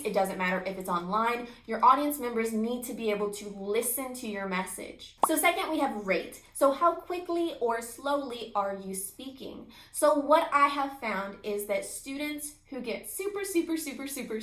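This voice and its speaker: A woman instructor talks through a recorded lecture with plenty of energy. Her voice sits a little high and rises and falls expressively as she stresses her points. The room around her is echoey. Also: fairly bright tone.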